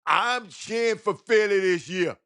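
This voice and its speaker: A man's voice: high voice, measured pace, fairly bright tone, clear, resonant tone. A man with a drawl hosts a loose sports talk show. He rambles from topic to topic, stumbles over his own words and repeats phrases. He keeps calling out to his listeners as y'all. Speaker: host of a sports call-in show.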